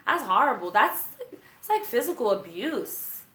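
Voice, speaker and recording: Sarcastic, animated woman hosting a livestream. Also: a little high, measured pace, reverberant. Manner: candid, sarcastic, animated storytelling. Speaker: host of a livestream on leaving a church group. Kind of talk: casual livestream chat, reading viewer comments.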